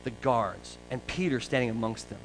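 A man pastor preaching a sermon in a conversational, animated storytelling way. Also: medium pitch, moderate pace, over music, low-quality recording.

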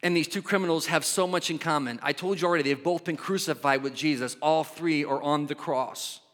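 A man preaching a sermon in an animated way, shifting from loud bursts to quiet asides. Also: fairly high pitch, fairly quick. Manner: animated, acts out voices, swings from loud to soft. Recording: long hall reverb.

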